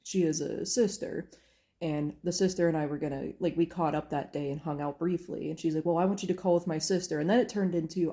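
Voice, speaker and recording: A young woman speaks in a mellow, slightly low voice. She tells a personal story to camera, candid and earnest, and acts out what others said along the way. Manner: candid, earnest, recounting with quoted dialogue. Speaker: vlogger.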